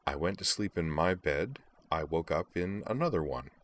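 A man with a deep voice reads as a composed young woman duelist, speaking calmly and evenly with dry wit. The voice stays close to his own low, quiet register. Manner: calm, measured, dry.

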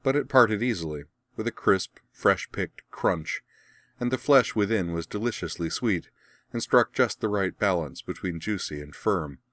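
Brief: male audiobook narrator, very low voice, wry and even, close dry recording. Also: moderate pace, dry recording. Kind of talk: scripted audiobook narration of fan fiction.

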